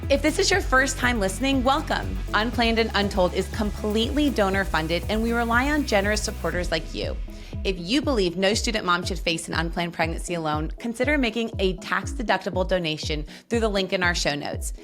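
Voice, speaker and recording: A woman hosts a podcast, cheerful and friendly, mixing a read introduction with warm chat. Her pitch sits in a middle range, and soft music plays faintly behind her. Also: animated, brisk. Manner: upbeat, friendly, says "y'all". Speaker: podcast host. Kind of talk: podcast interview and scripted intro.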